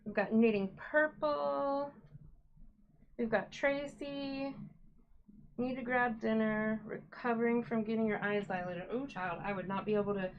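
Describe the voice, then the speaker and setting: A woman's voice: on the high side, steady tone, a little slow, lo-fi sound. A woman hosting a casual live stream from home, chatting and greeting viewers by name while she dyes yarn. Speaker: livestream host dyeing yarn.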